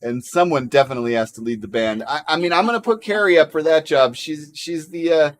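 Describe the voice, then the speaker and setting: A man's voice: on the high side, fairly quick, no room sound. A man hosting a casual livestream chat, joking around, laughing often and reading out viewer comments. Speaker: livestream host.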